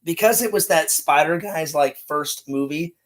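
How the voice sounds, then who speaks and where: Excitable man retelling film scenes. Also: a little high, normal speed. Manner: excitable, loud, retells scenes acting out lines. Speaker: co-host reviewing films. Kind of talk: casual chat. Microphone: home mic in a small room.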